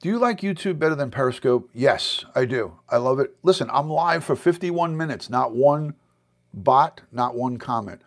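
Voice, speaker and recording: A man's voice: medium pitch, lively intonation, normal speed. A middle-aged American man hosts a casual livestream from his basement at home, talking loosely and reading out viewer comments as they come in. His voice sits in an ordinary middle range, and he sounds close to the webcam mic. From United States. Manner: chatty, reads viewer comments aloud. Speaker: livestream host. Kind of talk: casual live-stream chat.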